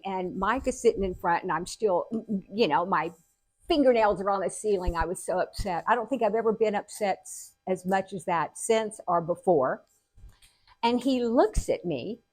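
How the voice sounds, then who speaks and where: An older woman hosting a show, telling personal stories in a casual, animated way. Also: mid-range voice, dry recording. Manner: animated, acts out quotes with laughter. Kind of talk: casual storytelling.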